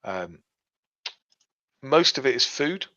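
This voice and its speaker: A man's voice: medium pitch, big pitch swings, takes it slowly, bright, forceful tone. A man co-hosting a podcast, explaining things step by step with plenty of fillers in a casual chat. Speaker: podcast co-host. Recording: dull lo-fi sound.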